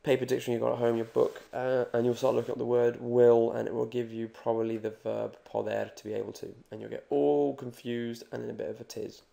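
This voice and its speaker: A man teaching Spanish grammar in a video lesson, joking and reassuring as he repeats examples slowly. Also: medium pitch, level tone, gravelly, mellow.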